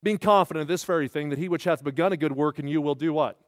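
A man's voice: a little high, fast, dry recording, studio quality. Folksy, emphatic male preacher. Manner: folksy, animated storytelling with emphatic rises. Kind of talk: sermon.

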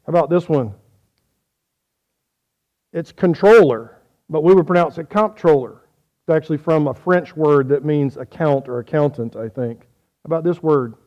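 A man's voice: a little high, normal speed, long pauses, a little mellow, lo-fi sound. A man preaching a folksy sermon, quizzing his audience on how they say words.

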